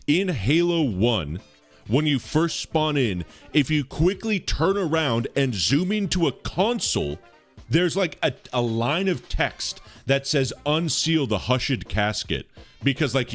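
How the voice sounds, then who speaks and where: A man's voice: medium pitch, very animated, slow pace, soft background music. A young man live-streaming, chatting casually with his viewers in a rambling, enthusiastic, slangy way.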